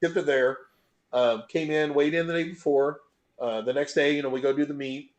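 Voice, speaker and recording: The audio is lo-fi with a roomy echo as a middle-aged bench press record holder, appearing as an interview-show guest, recounts a story at a normal speed in a fairly high voice. His telling is loose, profane, and animated, with scenes acted out along the way.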